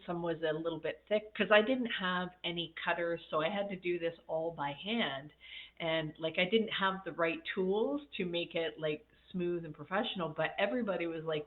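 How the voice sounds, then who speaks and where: A woman life coach on a casual livestream tells reflective stories full of fillers, in a lowish voice at normal speed. Still slightly congested and coughing after an illness, she comes through tinny, phone-like audio.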